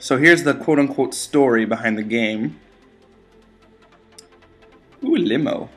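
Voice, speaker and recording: A young man giving casual let's-play commentary, excitable and easily frustrated, talking back at the game and to his viewers. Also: mid-range voice, measured pace, soft background music. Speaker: gaming channel host.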